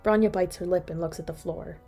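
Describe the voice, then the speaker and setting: A woman's voice: fairly low pitch, fairly even intonation, brisk, mellow, husky, faint music behind. A woman reading a second-person fan story aloud as narrator.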